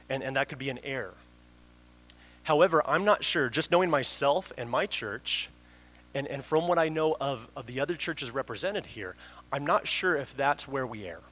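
A man's voice: medium pitch, expressive, moderate pace, fairly bright tone, poor audio. A man preaching a sermon in an earnest way, often restarting his sentences. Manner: earnest, with frequent restarts and fillers. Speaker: pastor.

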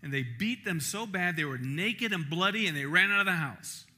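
Bright-voiced male preacher telling a story. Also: high voice, moderate pace. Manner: animated storytelling, acts out crowd chants. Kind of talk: sermon with personal story.

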